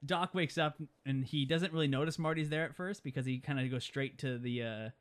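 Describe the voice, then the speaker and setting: A young man in casual chat, recapping a film in an animated way and breaking into high impressions now and then. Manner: rapid and animated, jumps into high-pitched impressions.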